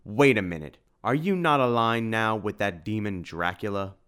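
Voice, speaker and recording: Gruff, growling burly shopkeeper, put on by a male reader; formal, wary. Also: fairly low pitch, lively intonation, moderate pace, fairly bright tone. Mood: suspicious.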